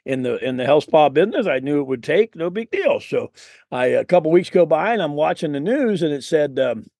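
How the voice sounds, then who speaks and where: A man's voice: fairly high pitch, sing-song, brisk, dark tone, no room sound, clean studio sound. A middle-aged American man, a guest in an interview, telling long personal stories in an earnest, rambling way with many restarts. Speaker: guest, insurance sales coach. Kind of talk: storytelling in an interview.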